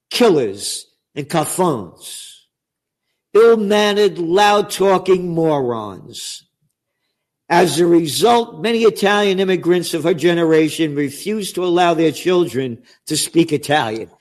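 An older man, an author reading from his book and breaking into profane, shouted rants. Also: fairly high pitch. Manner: profane ranting with shouted outbursts.

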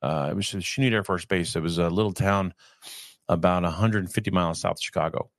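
A man in his fifties from California, reading a text aloud and breaking off into halting, conversational asides. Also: deep voice, no room sound, studio quality. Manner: reads evenly, then digresses in a halting conversational way. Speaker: reader and commentator.

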